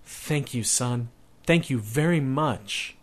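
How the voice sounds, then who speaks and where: A man's voice: mid-range voice, takes it slowly, voice pushed up, close to an everyday voice. A man reading aloud and voicing a tired mother who scolds her son firmly but lovingly. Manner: firm, scolding, tender underneath.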